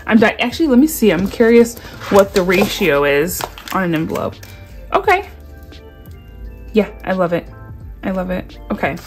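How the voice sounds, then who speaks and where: A woman in her thirties chatting casually to viewers as she unboxes budgeting supplies, excitable and gushing, with quick asides. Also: mid-range voice, faint music behind. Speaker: budgeting vlogger.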